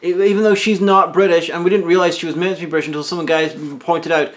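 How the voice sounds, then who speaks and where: Male co-host, casual chat at home, dry and quiet asides, slightly high-pitched. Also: little pitch movement, fast. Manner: dry, quiet interjections and corrections. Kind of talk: casual chat reviewing a film. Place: home room with a film playing on the TV.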